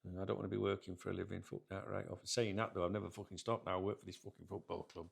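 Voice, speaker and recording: A middle-aged man rants to camera in a rambling, swearing, grumbling way. His voice sits a little low and is heavily gravelly. He talks casually, like a football channel host sat in his chair. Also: level tone, rapid-fire.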